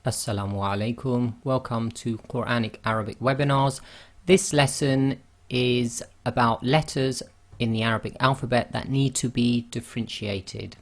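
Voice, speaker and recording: A man teaching Arabic letter sounds in an online lesson, explaining carefully and demonstrating throat sounds with drawn-out repetitions. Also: mid-range voice.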